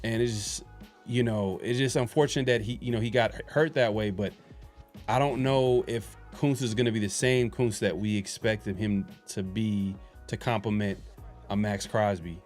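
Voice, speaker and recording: A man's voice: lowish voice, steady tone, normal speed, a little mellow, soft background music. A man hosting a casual sports podcast, rambling with lots of fillers and restarts. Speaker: podcast host.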